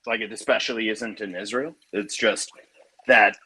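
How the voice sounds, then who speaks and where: A man calling into a stream on a headset, giving calm advice with hesitant fillers while washing dishes. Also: lowish voice, normal speed, breathy edge. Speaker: stream caller. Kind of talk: casual chat. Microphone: headset microphone. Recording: headset with faint background noise. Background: doing dishes, running sink.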